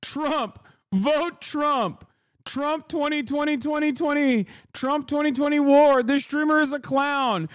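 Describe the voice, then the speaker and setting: A man putting on the voice of a whiny male troll chatter with a shrill, taunting delivery. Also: slow, no room sound, studio quality. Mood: mocking.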